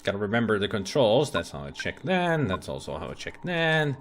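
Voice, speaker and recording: A man's voice: fairly low pitch, big pitch swings, a little fast, noisy background. A man hosting a let's play, joking around and reading game text aloud in a playful way. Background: game music.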